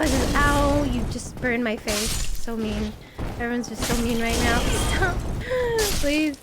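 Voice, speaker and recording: High-pitched panicky woman streamer. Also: lively intonation, moderate pace, heavy background noise. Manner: panicky, laughing, talks to chat. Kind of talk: live gameplay commentary.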